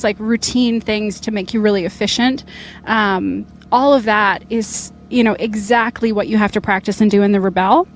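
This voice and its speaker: A woman's voice: mid-range voice, a little hiss or hum. A young woman, a rally competitor, speaking in a casual interview with an upbeat, chatty manner and lots of fillers. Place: outdoors at an event finish line.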